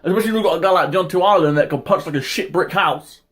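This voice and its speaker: A man hosting his own boxing talk channel, ranting in a heated, casual way, with lots of swearing and sudden high-pitched outbursts. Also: fast, fairly bright tone. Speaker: boxing commentary vlogger. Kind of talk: casual opinion rant.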